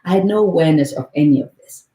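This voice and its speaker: A woman's voice: low-pitched, very fast, mellow, roomy sound, poor audio. A woman in her forties teaching meditation on a call in an earnest way, often repeating words for emphasis and checking in with "right?". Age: 40s. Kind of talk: motivational talk on a call.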